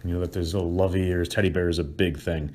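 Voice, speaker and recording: A middle-aged man, a couples counselor, teaching with animated, acted-out emotional examples and sound effects. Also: sits low, fast. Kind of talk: explanatory teaching talk.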